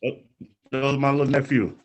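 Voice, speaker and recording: A man's voice: mid-range voice, fairly even intonation, brisk, crowd noise. Polite man answering over a phone. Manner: polite, brief, deferential. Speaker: defendant. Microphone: phone on a video call.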